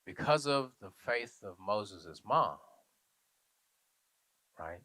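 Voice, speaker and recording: A man's voice: fairly low pitch, lively intonation, extremely slow, bright, forceful tone, no room sound. A man preaching a sermon in church in a conversational way, often checking in with his listeners. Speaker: minister.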